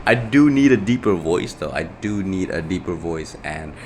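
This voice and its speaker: Young male solo podcaster, very low voice, rambling and self-correcting, light hiss behind. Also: lively intonation, normal speed, darkish tone. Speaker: podcast host. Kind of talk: casual solo podcast monologue.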